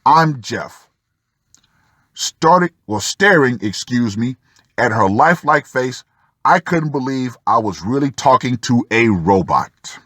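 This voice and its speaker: A man reads a story aloud at an unhurried pace, and his pitch rises and falls in a lively way. He cuts in with dry, sarcastic remarks to the listener. The sound is close and dry. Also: breathy edge, no room sound. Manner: sardonic asides to the listener. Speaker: channel host reading an article. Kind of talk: reading a first-person article aloud with commentary.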